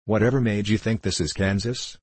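A man's voice: fairly low pitch, steady tone, fairly quick, slightly rough, no room sound. A man voicing a courtly, gracious male fox king in an audiobook reading.

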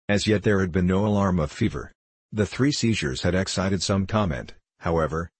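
A man narrating an audiobook in a steady, measured reading. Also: low-pitched, slightly rough, no room sound.

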